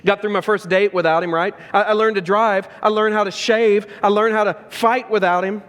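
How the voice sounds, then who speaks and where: A man's voice: high voice, normal speed, natural voice. A man voicing a hurt teenage boy who hides his pain behind defiant bravado. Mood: bitter bravado. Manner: defiant, mocking, rising and pleading. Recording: long reverb of a large church hall.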